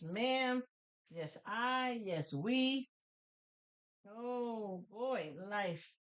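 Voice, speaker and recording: A woman hosting a laid-back live stream, talking slowly to her chat and to herself. Her voice is smooth and clean, with a playful, sing-song lilt as she greets people by name. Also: on the high side. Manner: relaxed, talks to herself while doing things. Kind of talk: casual chat with viewers.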